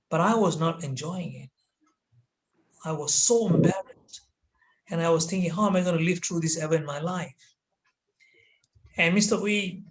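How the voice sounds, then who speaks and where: A man telling a personal story as a trainer, animated and dramatic with hesitant fillers, over a video call. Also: high voice, poor audio. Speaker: corporate trainer.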